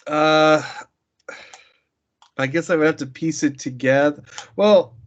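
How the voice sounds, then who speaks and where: A slightly high-voiced man in relaxed podcast chat. He answers in an unhurried, hesitant way, his pitch rising and falling as he thinks out loud, and he laughs at his own answers. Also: muffled recording. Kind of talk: casual chat.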